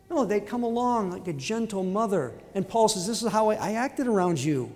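A man with a high voice preaches an emphatic sermon. He quotes scripture and briefly acts out everyday voices to make his points. His voice rings with a long reverb, as in a large hall. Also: lively intonation, brisk, hardly any pauses, a little mellow.

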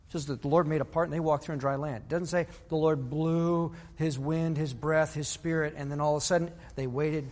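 A man's voice: on the high side, steady tone, brisk, hardly any pauses, darkish tone, in a large hall. A male pastor preaching a sermon, telling a Bible story and acting out the people's voices. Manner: storytelling, acts out biblical voices.

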